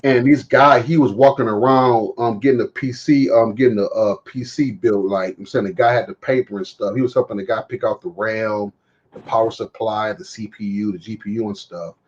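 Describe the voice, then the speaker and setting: A man's voice: on the low side, steady tone, a little fast, highs cut off. A man hosting a casual chat, telling funny stories with lots of laughter and acted-out lines. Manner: laughing storyteller, acts out his own shouts. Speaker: host.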